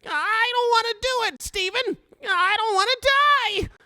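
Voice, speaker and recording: A man's voice: extremely high pitch, a little slow, bright, forceful tone, no echo, pitched above the performer's own voice, exaggerated voice. A man voicing a whiny, fearful teenage boy who wails and complains. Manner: whiny, wailing, self-pitying.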